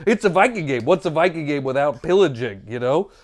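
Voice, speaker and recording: A man hosting a comedic board game unboxing, talking in an animated, jokey way and exclaiming over each component. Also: fairly high pitch, a little fast.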